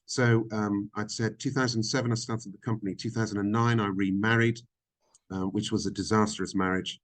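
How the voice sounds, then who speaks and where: Low-voiced man, frank and halting. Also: fairly even intonation. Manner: reflective, frank, halting with frequent ums. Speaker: podcast guest. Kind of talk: candid interview conversation.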